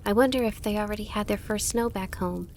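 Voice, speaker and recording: A woman voicing a proud, spirited young witch girl in an audiobook reading, emphatic and going high when upset. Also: brisk, darkish tone, a little hiss or hum, natural voice. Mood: thoughtful.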